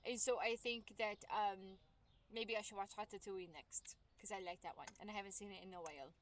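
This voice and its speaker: This young woman's mid-range voice moves fairly quickly with mostly level intonation, over a little hiss or hum. She's playing a game on stream, bubbly and chatty as she talks to her chat, while game music plays noticeably in the background.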